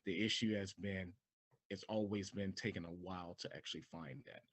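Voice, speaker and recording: A man's voice: low voice, fairly even intonation, normal speed, a bit bright, slightly rough, no room sound. A man speaking as a guest in an earnest way, with many fillers. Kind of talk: casual panel chat.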